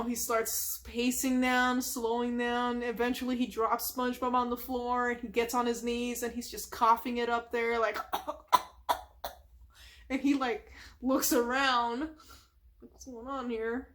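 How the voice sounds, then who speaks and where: A woman's voice: a little high, fairly bright tone. A woman retelling a cartoon episode from memory in a chatty ASMR style, full of asides. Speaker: ASMR storyteller.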